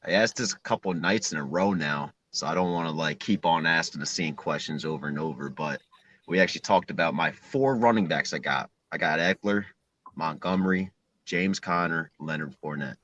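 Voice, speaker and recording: A man's voice: extremely low pitch, fairly quick, fairly bright tone, highs cut off. A man calling in to a sports stream, easygoing and chatty. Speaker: caller. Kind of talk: casual chat.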